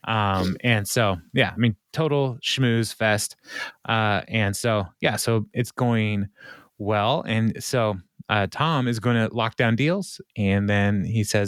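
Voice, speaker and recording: A man hosting a podcast, casually recapping an episode, rambling with lots of ums and uhs and quick laughs. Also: fairly low pitch, smooth, dry recording, studio quality. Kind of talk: casual chat.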